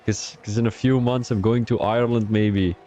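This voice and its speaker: A man's voice: fairly low pitch, fairly even intonation, normal speed, dark tone, slight background noise. A young man from Belgium, giving chatty live-stream commentary on an online racing league and talking to his chat between calls.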